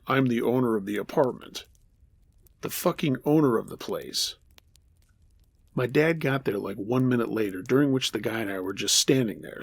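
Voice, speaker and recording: A man narrating a true horror story as the host of a storytelling show, measured with dry humor. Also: mid-range voice, creaky, slightly rough.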